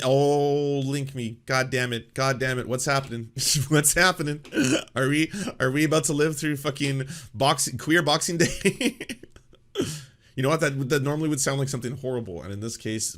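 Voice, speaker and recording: A man hosting a live-stream commentary show, talking in a profane, excitable, ranting way. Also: mid-range voice. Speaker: streamer host.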